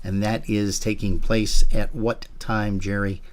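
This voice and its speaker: A man co-hosting a polka broadcast, chatting casually, joking and reading out shout-outs to listeners. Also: on the low side, flat delivery, a little slow. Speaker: co-host of a polka radio show. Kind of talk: casual banter and event announcements.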